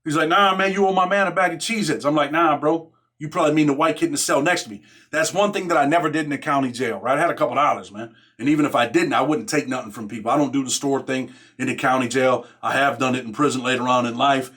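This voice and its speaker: A fast-talking middle-aged man from Rochester, New York, medium in pitch and fairly bright, delivers a casual monologue about jail life for his podcast. Slang fills his speech, "man" and "right?" come up again and again, and he acts out the other characters' words.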